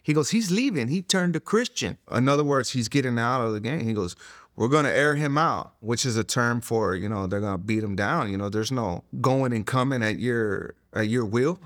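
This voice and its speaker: A man's voice: mid-range voice, normal speed, no echo, studio quality. Earnest middle-aged man giving testimony. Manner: earnest, repetitive "you know" fillers, drops to a hush at emotional moments. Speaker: interviewee telling his testimony. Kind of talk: conversational testimony. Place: recorded interview in a studio room.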